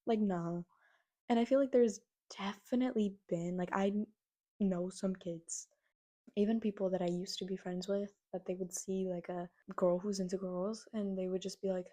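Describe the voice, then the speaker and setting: A young woman vlogging her opinions in a casual, animated, exasperated way, often mimicking the people she criticizes. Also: medium pitch, normal speed. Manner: animated, exasperated, mocks others in quoted voices. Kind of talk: casual opinion rant to camera.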